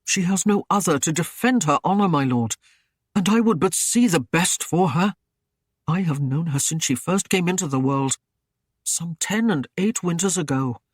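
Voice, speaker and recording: Male narrator voicing a careful, nervous young servant, higher pitch, close dry read. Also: expressive, moderate pace, husky, no echo. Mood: earnest. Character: anxious loyal young male Saxon servant.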